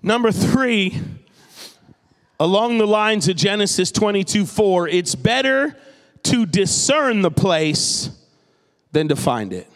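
In a high, bright voice, a pastor from New England preaches a sermon with animated, jokey storytelling. The large hall around him gives his words a long, ringing echo.

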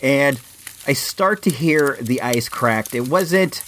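A man in his forties, from Illinois, telling a casual personal anecdote with frequent restarts and lively asides. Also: medium pitch, takes it slowly. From Illinois, USA. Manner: rambling, frequent restarts, animated. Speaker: storyteller.

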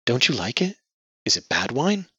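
A man's voice: mid-range voice, very animated, moderate pace, bright, forceful tone, breathy edge, dry recording, voice pushed up, exaggerated voice. A man voicing a sheltered, anxious young woman who asks earnest, startled questions, on a dull lo-fi recording. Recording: dull lo-fi audio.

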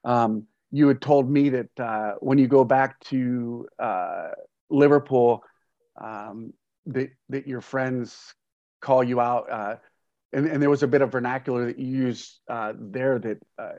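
A man, a grandfather, hosting a casual interview, speaking earnestly and haltingly with many fillers and restarts. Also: medium pitch, a little mellow, no room sound. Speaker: podcast host. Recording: dull, dry lo-fi sound.

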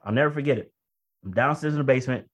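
A man preaching a sermon in a conversational way, telling a personal story. He moves between quick asides and slow, emphatic phrases, and his voice jumps high and loud when he relives strong feelings. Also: dull audio. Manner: rises to loud high-pitched outbursts when reenacting emotion.

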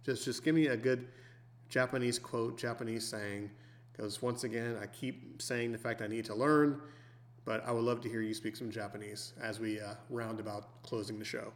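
A man's voice: medium pitch, fairly even intonation, moderate pace. A man hosting a podcast in casual chat, making courteous, politely phrased requests to his guest. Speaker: podcast host.

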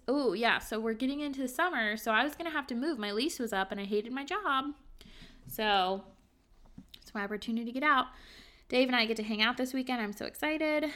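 A woman's voice: a little high, a bit bright. Young woman reading her old journal. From Virginia. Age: 20s. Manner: candid, halting, many fillers. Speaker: podcast host. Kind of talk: reading journal entries aloud.

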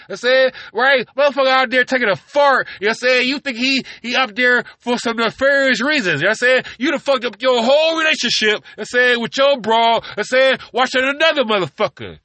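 A man's voice: extremely high pitch, a little fast, few pauses, sharp tone, dry recording. A man hosting a podcast from his car, rambling casually and profanely, constantly asking "you know what I'm saying". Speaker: podcast host.

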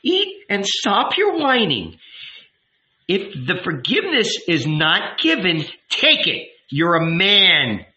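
A man's voice: medium pitch, expressive, slow, pushed and bright, muffled recording. A man doing a scornful seductive woman. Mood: mocking. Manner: taunting, scornful. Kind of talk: audiobook reading.

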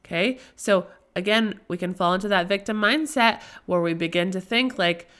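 A woman's voice: medium pitch, moderate pace, a bit bright. A young woman hosting a casual faith-based podcast, chatty and rambling into tangents, her voice nasal and tired from a lingering cold. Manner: chatty, rambling into tangents, often asks "right?". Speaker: podcast host.

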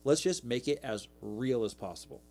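A man's voice: mid-range voice, normal speed, darkish tone. A man in his thirties co-hosting a podcast, talking earnestly in casual chat. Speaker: podcast co-host.

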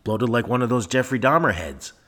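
A man's voice: mid-range voice, lively intonation, fairly quick, a bit bright. A man hosting a podcast alone, talking in a rambling, sarcastic way with swearing, recorded on a microphone into a laptop in a soundproofed room. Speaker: podcast host. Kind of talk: rambling solo podcast monologue.

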